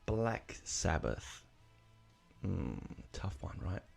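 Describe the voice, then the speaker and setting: A man hosts a solo podcast in a low, gravelly voice. He rambles through his thoughts with fillers and restarts and lets his feelings show. His tone is mellow and dark. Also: very animated, very slow, soft background music. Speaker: podcast host. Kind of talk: casual solo podcast talk.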